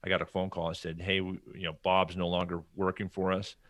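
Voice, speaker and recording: Deep-voiced man telling lively stories. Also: fairly quick, dry recording. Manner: animated storyteller acting out quoted people. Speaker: podcast guest. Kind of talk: casual storytelling interview.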